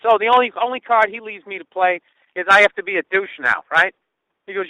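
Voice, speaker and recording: Sharp, high-voiced man ranting profanely. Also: a little fast, no room sound, poor audio. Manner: profane, sarcastic storytelling rant. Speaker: podcast host. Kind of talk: casual comedic monologue.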